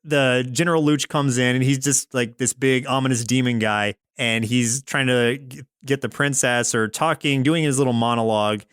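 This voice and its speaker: A man's voice: medium pitch, steady tone, normal speed, hardly any pauses, a bit bright, smooth, no echo, clean studio sound. A man co-hosting a podcast, casually recapping a cartoon episode in a rambling way with lots of "like". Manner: rambling storyteller, heavy use of "like", acts out quotes. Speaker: podcast co-host.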